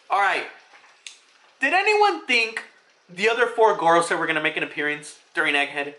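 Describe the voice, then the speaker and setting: A young adult manga reviewer giving excited, casual commentary. They swear freely and laugh often. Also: mid-range voice, normal speed.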